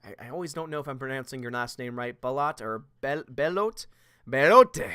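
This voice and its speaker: A man's voice: medium pitch, quick pace, fairly bright tone, smooth, no echo, clean studio sound. A man hosting a casual livestream chat, reading viewer comments aloud and answering them with frequent laughs. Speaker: host.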